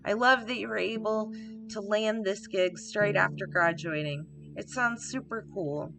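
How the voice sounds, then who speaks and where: Woman, gravelly voice, casual let's play commentary, reads emails aloud, music in background. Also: mid-range voice, a little slow. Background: game music.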